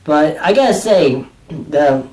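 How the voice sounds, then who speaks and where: A man giving a casual, excitable album review, rambling with many restarts and repeated phrases. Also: a little high, slow pace, distant mic. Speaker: music reviewer.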